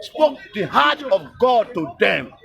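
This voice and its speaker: A man's voice: sits high, very animated, slow pace, vocal fry. A man with a Nigerian accent speaking in an impassioned interview, repeating words and exhorting like a preacher. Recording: noisy crowd around the voice. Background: crowd noise.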